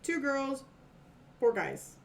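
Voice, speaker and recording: Woman, game master, chatty, filler-heavy, slightly high voice, faint background hiss. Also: big pitch swings, slow pace, creaky. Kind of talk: narrating a tabletop game on stream.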